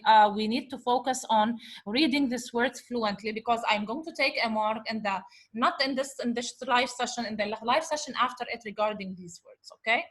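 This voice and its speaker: A woman's voice: fairly high pitch, a bit bright. A woman teaching a recorded revision lecture, patiently sounding out words syllable by syllable, mixing English and Arabic and often checking in with "okay?". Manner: slow, patient syllable-by-syllable decoding; repeats "okay?" to check understanding.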